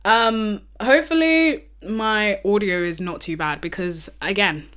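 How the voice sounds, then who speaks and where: A young woman hosting a casual solo podcast, chatting in a rambling way with many ums and quick asides into an uncovered mic. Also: mid-range voice, fairly bright tone, smooth. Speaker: podcast host.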